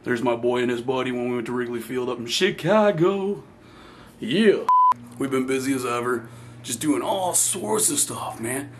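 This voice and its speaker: A man's voice: mid-range voice, moderate pace, slight background noise. A goofy, playful middle-aged man chatting casually in a home vlog, sometimes talking with his mouth full, from his computer room at home. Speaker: vlogger.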